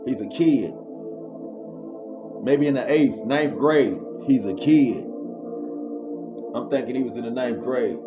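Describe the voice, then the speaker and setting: A man vlogger telling a story in an animated, slangy way and then preaching, with sound effects he makes himself. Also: mid-range voice. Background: music.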